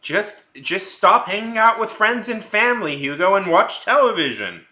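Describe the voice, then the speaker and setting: A man's voice: sits high, animated, moderate pace, pushed and bright. A young man streaming his art and chatting casually to his viewers. He rambles and jokes, often restarting his sentences. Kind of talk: casual chat with a live stream audience. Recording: roomy echo.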